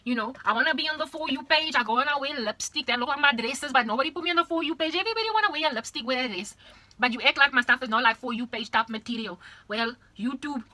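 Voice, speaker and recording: A young South African woman with a bright, sharp voice rants straight into the camera in her South African accent. She talks fast and pitched high, exaggerated and repetitive, dropping into Afrikaans now and then. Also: no echo. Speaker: vlogger. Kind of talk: ranting monologue to camera.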